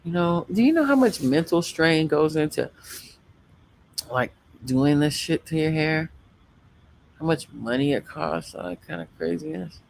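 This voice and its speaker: A man's voice: fairly high pitch, animated, a little slow, gravelly, pauses often, slight background noise. A man chatting casually as a guest on a late-night livestream, rambling through loose sign-offs and talking to his viewers. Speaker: livestream guest and show host.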